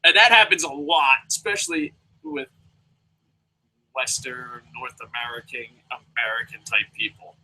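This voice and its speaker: A man's voice: mid-range voice, animated, unhurried, bright, forceful tone, poor audio. A young man hosting a casual live wrestling review, ranting profanely and rambling with goofy sound effects. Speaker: wrestling review show host.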